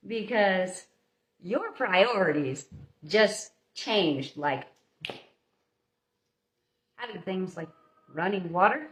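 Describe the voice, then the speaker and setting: A woman's voice: on the low side, lively intonation, takes it slowly, pauses often, a bit bright. A woman hosting a live baking stream, giving viewers a chatty, motherly pep talk in her home kitchen. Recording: roomy echo.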